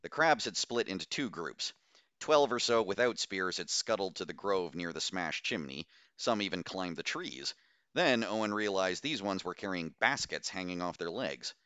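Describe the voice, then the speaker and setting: A man narrates a novel in a steady, measured way. His voice sits low, with a forceful, bright edge. The sound is dry and close, with no room around it. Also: smooth, dry recording. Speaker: audiobook narrator. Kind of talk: scripted audiobook narration.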